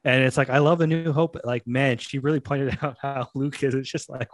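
A man's voice: medium pitch, fairly even intonation, fairly quick, few pauses, no room sound. A man hosting a podcast, chatting casually and joking around. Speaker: podcast host. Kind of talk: casual chat.

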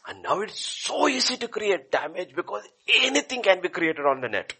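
A man, preaching a sermon as a pastor, swinging between loud exclamations and low, hushed asides. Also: huge pitch swings, fairly quick, few pauses, breathy edge.

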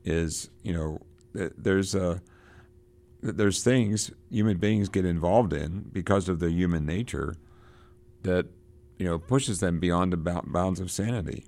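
A man reading passages from a novel aloud and stopping to explain them, halting and restarting as he talks, and lifting his voice when he reads. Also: low-pitched, a little mellow.

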